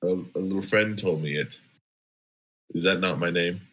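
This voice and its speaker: Player, deep voiced man, husky, loud and playful. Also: normal speed. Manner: loud, questioning, laughing. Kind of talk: casual tabletop play.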